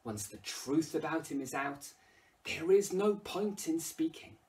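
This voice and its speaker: A fairly high-pitched, unhurried male voice comes through a distant mic as an English literature teacher with an English accent explains a play. He reads quotations with dramatic flair, getting loud on those lines in an otherwise expressive lesson.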